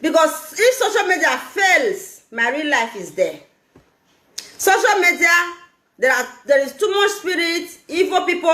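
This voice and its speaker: A Nigerian woman streaming a live vlog, talking in an animated, scolding way and laughing often. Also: high voice, reverberant. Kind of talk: casual live-stream commentary.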